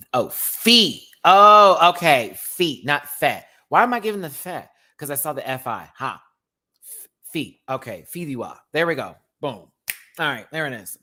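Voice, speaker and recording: An American man rants through a casual review in a campy, excitable way, throwing in slang and exclamations. His pitch leaps around constantly, from low mutters to high squeals. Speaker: YouTube reviewer host.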